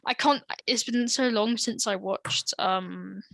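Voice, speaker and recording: A woman's voice: fairly high pitch, slow pace, creaky, fairly bright tone. A young woman co-hosting a casual podcast, teasing her co-host in a dry way. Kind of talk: casual chat.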